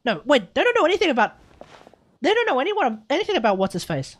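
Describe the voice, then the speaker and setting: An Australian woman streaming a game live, chatting excitedly and talking to her viewers. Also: sits high, fast talker. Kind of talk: live gameplay commentary.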